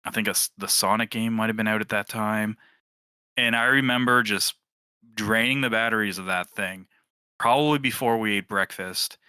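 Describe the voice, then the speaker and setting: A man in his thirties casually telling a lively story and acting out the quoted voices. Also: lowish voice, normal speed, smooth, dry recording. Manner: animated, acts out quoted voices. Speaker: team member sharing a memory.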